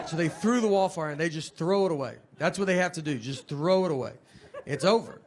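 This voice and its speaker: A man in his thirties doing a slow, deadpan stand-up routine on a comedy stage, with drawled fillers. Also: high-pitched, a crowd in the background. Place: comedy stage before a laughing audience. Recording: live show with audience noise.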